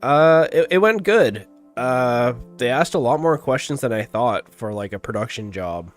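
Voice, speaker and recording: A man's voice: medium pitch, moderate pace, soft background music. A young man with a stuffy nose, chatting casually as a gaming livestream host. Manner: relaxed and rambling, chuckles often.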